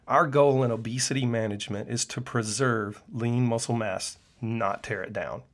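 A middle-aged man, a clinician hosting his own show, speaking in an earnest, preachy personal monologue with frequent "uh" fillers. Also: medium pitch. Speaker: podcast host and functional medicine clinician.

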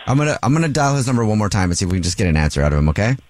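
A man's voice: fairly low pitch, sing-song, very fast, a little mellow, no echo. Dry-sounding male radio host. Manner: incredulous, laughing. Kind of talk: radio call-in segment. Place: radio studio. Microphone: studio mic.

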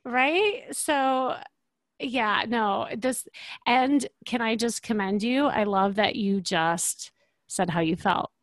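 A woman's voice: a little high, takes it slowly, no room sound. Upbeat encouraging woman coach. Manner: encouraging, upbeat, many fillers. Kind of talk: coaching session on a podcast.

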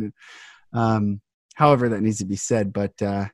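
A man's voice: fairly low pitch, little pitch movement, moderate pace, no room sound, studio quality. A man hosting a podcast, speaking earnestly and with passion in a heartfelt conversation. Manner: earnest, impassioned. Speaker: podcast host.

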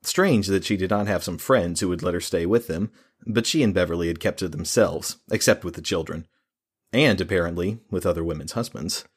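A man reading a fantasy novel aloud as an audiobook narrator, in a steady, measured way. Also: low-pitched, husky.

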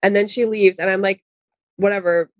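A young woman co-hosting a casual chat, telling stories fast and casually with swearing. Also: mid-range voice, steady tone, dry recording. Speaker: podcast co-host.

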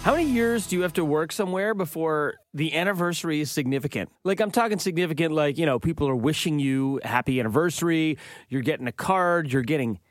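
Man, radio host, teasing banter, upbeat and bouncy pitch, bit higher voice, dry close sound. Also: fast, no echo, soft background music. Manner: playful, teasing, animated. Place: radio studio.

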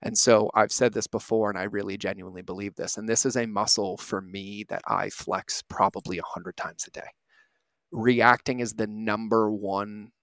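A man's voice: lowish voice, a bit bright, no echo. A man in his thirties, a podcast host, giving an earnest, reflective motivational talk and often asking "right?".

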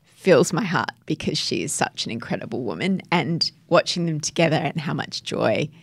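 A woman's voice: low voice, animated, moderate pace, creaky, husky, no echo. A middle-aged woman co-hosting a podcast, talking in an effusive, emotional, storytelling way. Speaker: podcast co-host. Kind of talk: casual chat.

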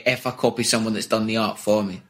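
A Scottish comedian chatting casually over a video call, rambling and self-deprecating, laughing often. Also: male voice, lowish voice, fairly even intonation, quick pace. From Scotland. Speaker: comedian guest. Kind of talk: casual chat.

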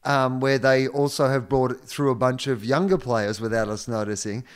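A man's voice: medium pitch, fairly even intonation, normal speed, clean tone. Laid-back man chatting footy. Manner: laid-back, rambling, frequent fillers and restarts. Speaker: podcast co-host. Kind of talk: casual sports chat.

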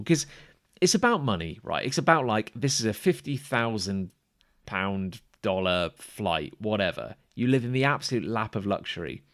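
Animated man ranting. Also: fairly low pitch, no echo. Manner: animated, exasperated ranting with laughter. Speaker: podcast co-host. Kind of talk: casual comedic chat.

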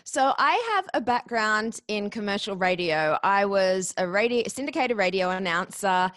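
An Australian woman in her forties, a former radio announcer turned podcast guest booker, answering interview questions with quick, enthusiastic energy. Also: mid-range voice, animated, fairly bright tone, dry recording, studio quality.

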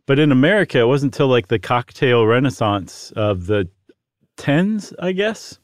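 A man's voice: mid-range voice, animated, normal speed, dry recording, clean studio sound. A man co-hosting a podcast, explaining at length in a friendly, casual way with fillers. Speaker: podcast co-host.

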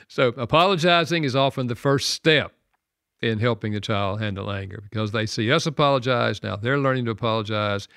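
An older man, a guest author on a radio talk show, telling a personal story in an earnest, soft-spoken way and laughing at himself. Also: medium pitch, fairly quick, creaky, clear, resonant tone, dry recording, studio quality. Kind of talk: conversational storytelling.

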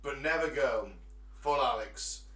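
A man's voice: mid-range voice, measured pace, bright, forceful tone, recorded from a distance. A man hosting a casual comedy podcast, jokey and rambling as he tells stories. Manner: jokey and rambling, with filler restarts. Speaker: podcast host. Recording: echoey room, a bit off-mic.

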